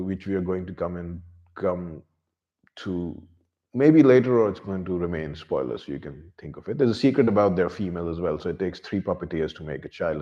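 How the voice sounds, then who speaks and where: Deep-voiced man retelling a book casually. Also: dull audio. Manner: animated retelling with quick asides and fillers. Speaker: book reviewer.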